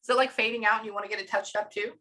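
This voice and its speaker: Bright, animated woman medium. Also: mid-range voice, very fast, rough recording. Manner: animated, breathless storytelling with many quotes. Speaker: psychic medium. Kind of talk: reading for a client.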